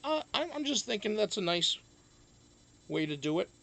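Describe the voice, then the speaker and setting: A man's voice: high voice, big pitch swings, moderate pace, gravelly, pushed and bright. A man hosting a casual live stream, chatting loosely, greeting viewers one by one and swearing freely.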